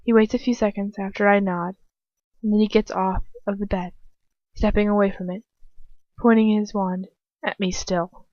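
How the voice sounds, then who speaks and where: A woman's voice: mid-range voice, flat delivery, moderate pace, no echo, dull audio. A woman reading a fanfiction story aloud in the first person, dramatic, and stopping now and then to comment. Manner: dramatic, breaking off into laughing commentary. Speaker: fanfiction reader.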